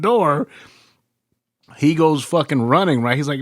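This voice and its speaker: A man's voice: fairly high pitch, moderate pace, fairly bright tone, no echo, studio quality. A man hosting a podcast, telling a rowdy story in casual, profane chat and laughing through it. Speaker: podcast host.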